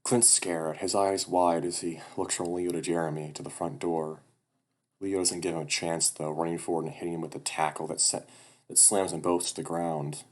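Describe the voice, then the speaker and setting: Низкоголосый мужчина читает визуальную новеллу. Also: male voice, sits low, little pitch movement, moderate pace. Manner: casual, swears, breaks off with asides. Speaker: visual novel narrator. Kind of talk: reading a visual novel aloud.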